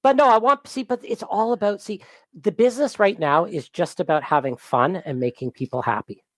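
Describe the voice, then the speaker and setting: A man's voice: high-pitched, fairly quick, no echo. A man who runs a small business, talking as a podcast guest in an easygoing way, laughing often, heard on a close mic. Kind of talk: casual conversation.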